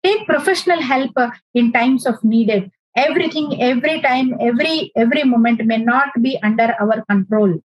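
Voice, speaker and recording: A woman giving an informal career lecture, halting, with many fillers and restarts. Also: fairly high pitch, no echo, low-quality recording. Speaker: instructor.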